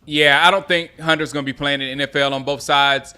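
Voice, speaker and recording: Man, from South Carolina, bright forceful voice, fairly high, casual game-watching chat, faint music behind. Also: quick pace, smooth. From Gaffney, South Carolina. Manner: chatty, reacts excitedly to plays, reads viewer comments aloud. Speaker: sports livestream host.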